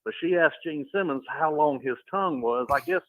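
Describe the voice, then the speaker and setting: A man's voice: on the high side, brisk, no room sound, poor audio. A man chatting casually on a talk show, telling funny stories in a laid-back way and laughing at them. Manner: laid-back storyteller, chuckles often. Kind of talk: casual chat.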